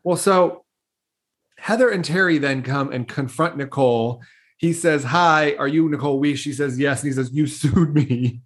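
A woman's voice: low-pitched, normal speed. Woman co-host narrating a recap. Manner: storytelling recap, frequent laughs, playful. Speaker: podcast co-host. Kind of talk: casual chat recapping a TV episode.

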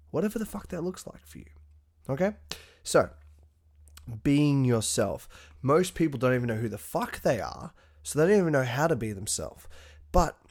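A young man hosting a motivational podcast, talking in a profane, punchy, animated way. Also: mid-range voice. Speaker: podcast host.

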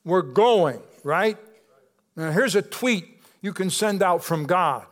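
A high-pitched male pastor delivering a sermon in church. He drops to soft, slow emphasis, then builds to rising, emphatic calls, checking in with the congregation as he goes. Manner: preaching with call-outs to the congregation.

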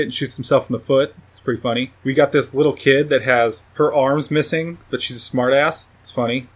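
A man giving a casual, rambling, profane recap of a movie plot, often laughing at his own jokes. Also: mid-range voice. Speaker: movie reviewer.

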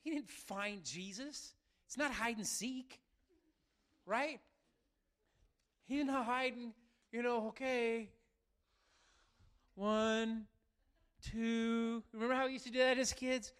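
A man preaching a sermon to his church, animated and talking straight to the congregation. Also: very high voice, slow, pauses often, clear, resonant tone. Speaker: pastor.

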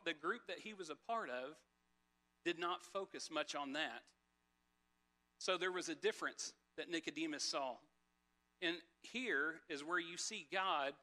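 A man's voice: on the high side, sharp tone. A man preaching a casual sermon, telling a personal story with many fillers and restarts. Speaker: pastor.

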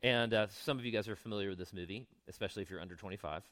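A younger man, a pastor, preaching a sermon in a relaxed, conversational way, mixing scripture readings with asides and questions to the congregation. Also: on the low side, very fast.

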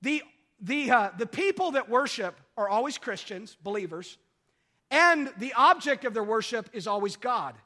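A male pastor preaching an emphatic sermon, repeating key phrases and swinging from loud exclamations to quiet asides. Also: big pitch swings, normal speed. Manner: rises to loud exclamations then drops low.

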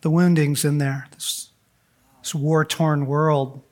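A man's voice: a little high, a little slow. Earnest middle-aged man speaking to men. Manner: earnest and animated, acts out quoted voices. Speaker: speaker at a men's conference. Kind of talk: heartfelt talk to a men's gathering.

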